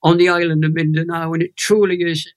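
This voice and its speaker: An elderly Welshman in his eighties speaks in a fairly high, lilting voice. He tells his testimony as an animated, emotional storyteller, leaning into each turn of the story. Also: fast talker. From Wales. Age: 80s. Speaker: guest, Christian minister.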